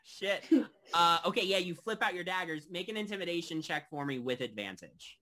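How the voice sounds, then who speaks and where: A man narrating as game master of a tabletop game, halting and loose, with many fillers. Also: sits high, animated, pushed and bright.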